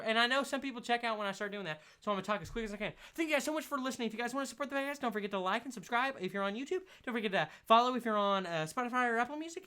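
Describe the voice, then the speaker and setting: A man's voice: high-pitched, pushed and bright. A young man hosting his solo podcast in a casual, rambling rant, laughing often. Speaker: podcast host.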